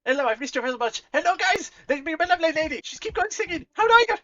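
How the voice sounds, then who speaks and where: A man voicing Laughing Luigi, an over-friendly beholder tavern keeper who babbles rapidly at his guests. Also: extremely high pitch, lively intonation, muffled recording, slight background noise, voice pushed up. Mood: gushing.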